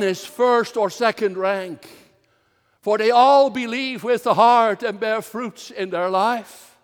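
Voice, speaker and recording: Minister, male, earnest measured sermon, very high voice, echoing hall. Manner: slow, earnest preaching with swells of emphasis. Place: church.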